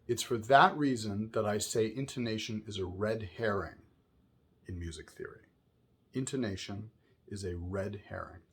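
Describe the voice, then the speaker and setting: A man's voice: mid-range voice, husky. A man teaching a music lesson, explaining patiently and often checking in with "right?", singing short examples between explanations.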